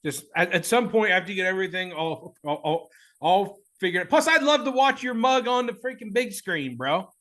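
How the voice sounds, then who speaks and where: Man, Southern US twang, bright and a bit high, excitable rambling podcast host. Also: moderate pace. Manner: excitable, laughs a lot, rambling. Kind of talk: casual chat.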